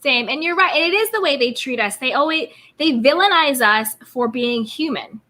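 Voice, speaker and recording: Bright-voiced chatty American woman. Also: high voice, animated, normal speed. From United States. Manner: chatty, reads out viewer comments. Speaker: livestream host. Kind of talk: casual live chat commentary.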